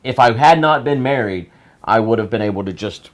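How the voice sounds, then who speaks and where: A man with a Southern accent chatting casually on a stream, teasing and telling animated stories. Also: medium pitch, brisk, background noise. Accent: Southern American. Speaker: stream host. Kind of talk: casual chat.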